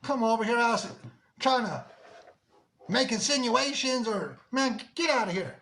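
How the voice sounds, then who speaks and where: A man's voice: very high-pitched, lively intonation, unhurried, bright, forceful tone. A man with a Mexican-American accent hosting a livestream, scolding and calling out viewers in an insistent way, often repeating himself. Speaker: livestream host. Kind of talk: confrontational livestream talk.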